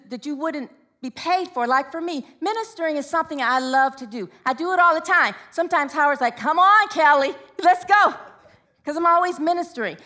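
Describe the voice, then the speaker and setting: A woman minister giving a chatty, informal sermon full of personal stories, often laughing as she tells them. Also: sits high. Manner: chatty, laughing, animated storytelling.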